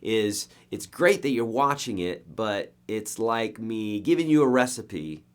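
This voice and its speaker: A man's voice: on the low side, expressive, unhurried. A man teaching a beginner guitar lesson, coaching emphatically and counting beats aloud as he strums. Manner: coaching, emphatic, repeats okay and right.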